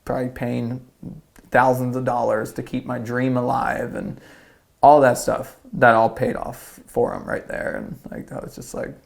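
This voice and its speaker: A man's voice: medium pitch, flat delivery, unhurried, creaky. A young man from South Carolina, a surfer and podcast guest, telling a story casually and rambling with lots of "like". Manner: rambling, lots of "like", acts out quotes.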